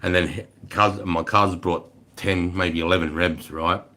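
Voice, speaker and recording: Deep-voiced swearing Australian man. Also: steady tone, moderate pace, sharp tone. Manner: profane, rambling, swears constantly. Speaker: livestreamer. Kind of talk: casual storytelling to a live chat.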